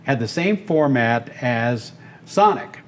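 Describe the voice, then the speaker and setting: A man in his seventies from Texas, an animated storyteller and voice actor being interviewed on a podcast. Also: mid-range voice, slow. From Texas, United States. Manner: animated, breaks into character voices. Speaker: guest, voice actor and radio host.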